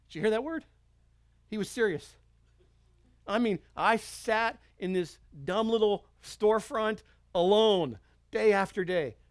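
A man's voice: high-pitched, no room sound, clean studio sound. A middle-aged male pastor preaching a sermon, earnest and conversational, telling personal stories and acting out quotes. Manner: earnest, conversational, with frequent restarts and acted-out quotes.

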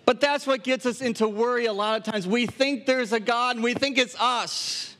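Middle-aged male pastor, Wisconsin-raised, high voice, lively joking sermon delivery. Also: moderate pace. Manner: animated, humorous storytelling with acted asides. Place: camp gathering hall.

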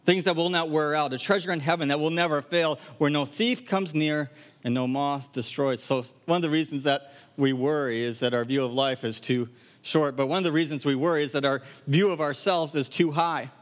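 Middle-aged male pastor, Wisconsin-raised, high voice, lively joking sermon delivery. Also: fairly quick. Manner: animated, humorous storytelling with acted asides. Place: camp gathering hall.

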